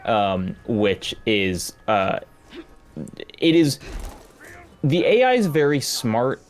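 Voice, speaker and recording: A man casually chatting about video games as a guest, thinking aloud with many restarts. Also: medium pitch. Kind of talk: casual gameplay commentary.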